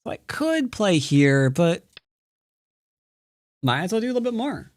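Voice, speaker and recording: Playful man giving lively game commentary. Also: high voice, measured pace, no echo, clean studio sound. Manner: playful, jokey, breaks into silly sing-song nonsense. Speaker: Go teacher. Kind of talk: live-streamed game commentary.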